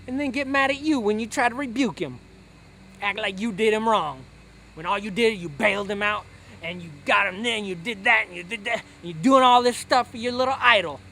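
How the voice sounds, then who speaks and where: A man's voice: sits high, bright, forceful tone, slight background noise. A man giving a brash, slangy comic sermon, lecturing listeners in a preachy rant. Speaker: satirical preacher character.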